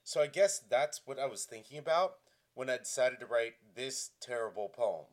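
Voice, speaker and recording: Man, forties, from Tennessee, mid pitch, self-deprecating, mock-dramatic. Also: expressive, normal speed. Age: 40s. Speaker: comedic vlogger. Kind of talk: self-mocking dramatic reading.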